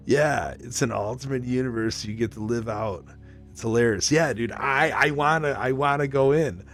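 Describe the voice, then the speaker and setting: A man chatting casually with his live stream audience. He rambles excitably, swears constantly and breaks into laughter between stories. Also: mid-range voice, moderate pace, faint music behind. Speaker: livestreamer.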